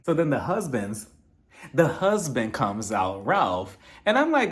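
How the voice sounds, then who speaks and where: A young man recapping a reality show in casual commentary, sarcastic and animated, acting out people's lines and laughing often. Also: fairly high pitch, normal speed.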